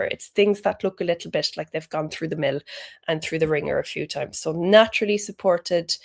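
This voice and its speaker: A woman's voice: on the low side, creaky. A woman giving a chatty, encouraging health talk. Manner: chatty and encouraging, with British slang. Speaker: health educator.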